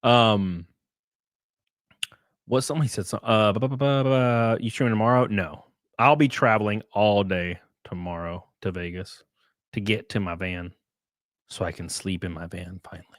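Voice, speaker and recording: A man's voice: lowish voice, moderate pace, pauses often, dry recording, clean studio sound. A man hosting a casual live stream, joking and rambling as he thanks viewers. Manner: joking, rambling, often laughing.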